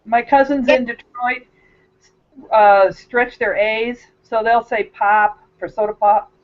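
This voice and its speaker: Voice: medium pitch, steady tone, takes it slowly. A discussion group member who rambles and restarts sentences in a casual chat. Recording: lo-fi call audio.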